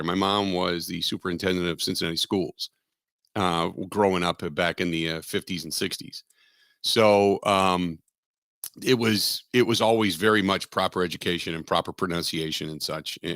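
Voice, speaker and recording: This Southwestern Ohio man hosts sports talk radio from a studio, his voice on the low side, pushed and bright, in a dry, studio-quality recording. He wanders through casual conversation, says things more than once, and makes self-deprecating remarks.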